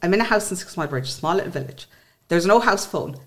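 An Irish woman in her forties, a podcast guest, telling a personal story in an emotional, animated way and acting out what others said. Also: lowish voice, quick pace.

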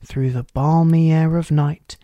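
A reader reciting rhyming verse in a measured way, often dropping to a hushed, breathy near-whisper. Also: mid-range voice, fairly even intonation, no room sound, lo-fi sound.

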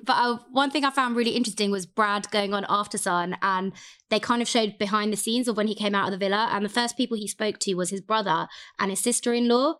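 A woman co-hosting a podcast, talking in a chatty, animated way and often quoting others. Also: medium pitch, fast. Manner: chatty, animated, lots of quoted voices. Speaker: podcast co-host. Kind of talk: casual chat.

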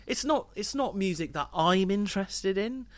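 A man co-hosting a casual music review podcast, measured and hedging, with frequent restarts. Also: sits high, expressive, a bit bright, dry recording. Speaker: podcast co-host.

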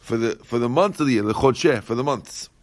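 A man with a medium-pitched voice teaches a Talmud class at a fairly quick pace, recorded with no room sound. He reads Aramaic lines, then explains them in plain English, often repeating his phrases as he works through the text.

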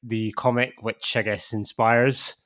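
Low-pitched male podcast host, easygoing, upbeat intro delivery. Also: flat delivery, measured pace, fairly bright tone. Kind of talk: casual chat, introducing the episode.

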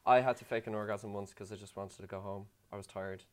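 A man, co-hosting a podcast and telling candid stories with lively delivery. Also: quick pace. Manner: animated storyteller who jumps into high voices. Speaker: podcast co-host. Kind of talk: casual chat.

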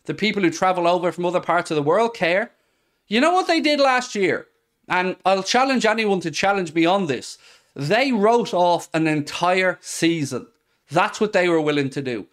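A man's voice: sits high, lively intonation, moderate pace, a bit bright. Heated, ranting man. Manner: heated, emphatic, sarcastic. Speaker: podcast host. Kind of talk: passionate football rant.

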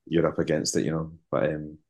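A man, a band musician, chatting as an interview guest, halting and repeating words with many fillers. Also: a bass voice, level tone, a little mellow. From West African heritage. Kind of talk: casual interview chat.

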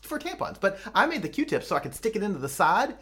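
A man's voice: high voice, very animated, quick pace, a crowd in the background. A man co-hosting a casual podcast, telling a rambling, crude, joking story. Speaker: podcast co-host. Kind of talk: casual chat.

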